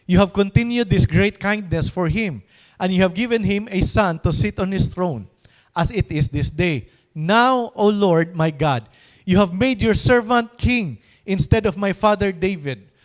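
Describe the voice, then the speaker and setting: A man with a Filipino accent preaching a sermon as pastor, emphatic, putting questions to his congregation and slowing down to read scripture aloud. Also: sits high, lively intonation, rough recording.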